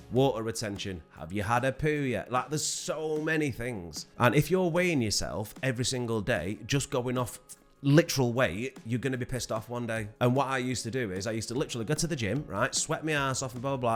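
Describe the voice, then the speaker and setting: A man's voice: medium pitch, a little fast, soft background music. A man talking casually to camera about weight loss, swearing and laughing as he goes. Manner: animated, swearing, laughing often.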